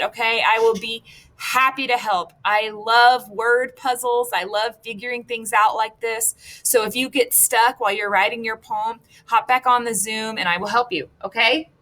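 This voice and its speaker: A woman's voice: a little high, bright, forceful tone. A woman teacher walking students through a lesson online, thinking aloud as she composes, playful and encouraging.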